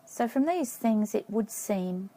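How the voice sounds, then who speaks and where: A middle-aged woman telling a personal story to camera in a halting, reflective way, stopping now and then to check her notes. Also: medium pitch, lively intonation, dark tone, rough recording. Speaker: vlogger.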